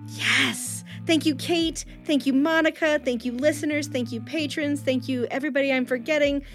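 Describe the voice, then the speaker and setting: A woman hosting a podcast, effusive and quick to laugh, thanking guests and listeners. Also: high-pitched, steady tone, faint music behind. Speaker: podcast host. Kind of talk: casual podcast chat.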